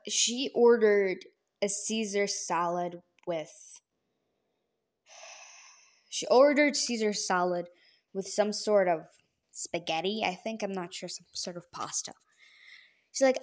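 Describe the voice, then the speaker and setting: A woman with a slightly high voice tells a casual, rambling story to her audience. Her pitch and loudness jump up without warning. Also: animated, unhurried. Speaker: vlogger.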